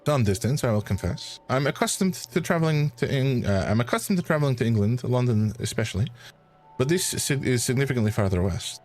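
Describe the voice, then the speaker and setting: A man's voice: medium pitch, animated, darkish tone, soft background music, natural voice. A man voicing a suave, courteous French male academic who exposes fraud, with a put-on French accent. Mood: measured. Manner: measured, courteous, slightly haughty.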